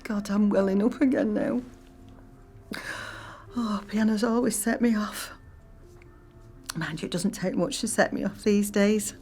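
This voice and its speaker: A woman's voice: medium pitch, steady tone, a little slow, pauses often, a little mellow, faint music behind, lightly acted. An actress playing a chatty, wry woman in her sixties, rambling to herself with dry humour while she waits on a phone call. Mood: wry musing. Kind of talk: film monologue acting.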